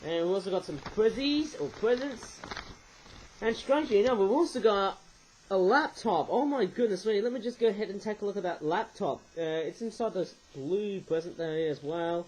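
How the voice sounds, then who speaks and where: A man's voice: sits high, moderate pace, a little mellow, slight background noise, rough recording. A man reviewing toys in a casual vlog, rambling and often searching aloud for the right word, tagging many phrases with a questioning "eh?". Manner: often gropes for words aloud. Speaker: toy reviewer.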